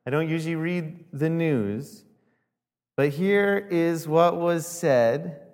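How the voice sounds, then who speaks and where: A man preaching a sermon as pastor, lively and acting out the people he quotes with rising volume. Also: a little high, slow pace, big-room sound. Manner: animated, acts out quoted voices with rising volume.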